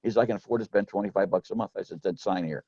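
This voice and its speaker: A man's voice: on the low side, very fast, mellow, breathy edge, no room sound, highs cut off. A middle-aged man telling rambling, folksy stories about selling insurance, with lots of restarts. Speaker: former insurance sales manager telling sales stories. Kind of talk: casual storytelling chat.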